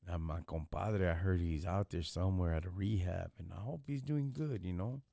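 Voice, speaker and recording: A live stream host speaks in casual street slang, blunt and preachy. He is a man with a very deep voice, recorded dry and close. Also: normal speed, gravelly, warm tone, no room sound. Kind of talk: casual chat.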